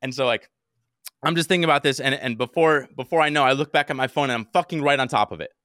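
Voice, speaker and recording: Young man, podcast co-host, casual storytelling, rapid delivery, dry close mic. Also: mid-range voice, no echo. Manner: animated, heavy swearing, acts out his own shouts.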